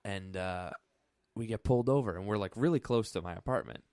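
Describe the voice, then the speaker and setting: A man's voice: fairly low pitch, brisk, a little mellow, no room sound, studio quality. A young man co-hosting a podcast, telling a rambling story in casual chat and swearing freely. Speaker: podcast co-host.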